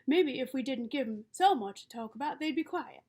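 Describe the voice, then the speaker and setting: A woman reading the part of a calm, wise middle-aged father, who speaks steadily and patiently. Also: high-pitched, normal speed, husky. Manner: steady, patient, gently reasoning.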